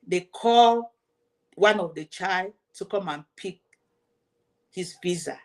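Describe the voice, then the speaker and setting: Her voice lowish and darkish, this host talks slowly, leaving long pauses. She shares a personal story on her own show with emotion, repeating herself often and addressing her viewers directly.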